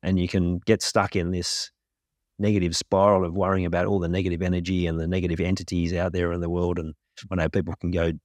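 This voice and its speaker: Male podcast guest, low voice, dry close mic, calm and reflective explainer. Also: quick pace, dry recording. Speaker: podcast guest, grief coach. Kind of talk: interview explanation.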